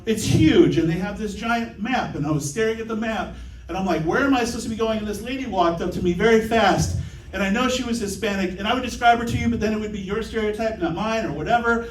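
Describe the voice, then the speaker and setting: A man's voice: high voice, fairly quick, echoey room, recorded from a distance, slight background noise, rough recording. A man performing a stand-up comedy set in a comedy club, telling jokes conversationally with frequent ums.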